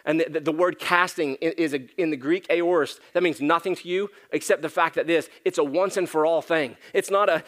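A man preaches in a church, casual and conversational, swelling into emphatic lines and then falling hushed. His voice sits a little high for a man. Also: steady tone, brisk, hardly any pauses. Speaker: pastor. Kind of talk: sermon.

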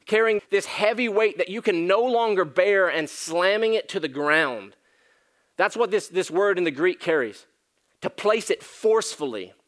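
A man preaching a sermon to his church, talking conversationally, with emphatic rises and hushed drops. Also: high voice, lively intonation, moderate pace. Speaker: pastor.

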